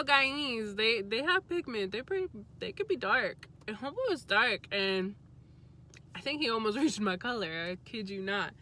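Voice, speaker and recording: A young adult woman vlogger telling a story in a casual, chatty way, candid and quick to swear. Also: on the high side, bright, forceful tone.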